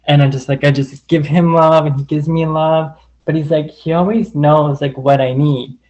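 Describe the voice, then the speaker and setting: Man, raised pitch, casual personal sharing, rambling, filler-heavy, earnest. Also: fairly even intonation, moderate pace, a little mellow, muffled recording. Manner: earnest and open.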